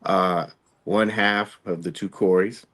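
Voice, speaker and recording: Relaxed male podcast host, low-ish voice, easygoing and repetitive. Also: slow pace. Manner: relaxed, repeats phrases. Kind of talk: casual chat.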